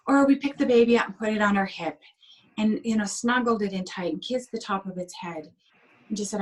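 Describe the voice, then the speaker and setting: A woman coaching on sugar addiction as a guest in an interview, speaking gently and heartfelt, sometimes acting out inner voices. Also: mid-range voice, a little fast, low-quality recording. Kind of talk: interview over video call.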